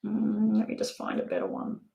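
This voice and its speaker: A woman's voice: medium pitch, wildly swooping pitch, fairly quick, creaky, warm tone. A woman doing a live-stream tarot reading, chatting casually with viewers and laughing often. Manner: casual, swears now and then. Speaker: tarot reader. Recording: roomy echo.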